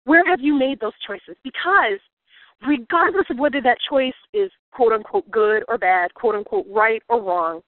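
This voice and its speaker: Earnest woman speaker, reflective storyteller turned life coach, fairly high voice, tinny phone-line sound. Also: moderate pace, no echo. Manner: earnest, reflective, grows emotional. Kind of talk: personal story with motivational lesson.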